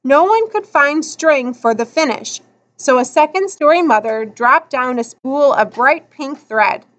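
A woman narrating a children's novel aloud in an expressive storytelling manner. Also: sits high, measured pace, low-quality recording. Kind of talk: audiobook narration.

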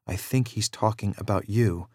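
A man's voice: lowish voice, normal speed, mellow, dry recording, close to an everyday voice. A man voicing a nervous but brave young boy in a storybook reading, with a worried delivery and a very dry sound. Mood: whispering.

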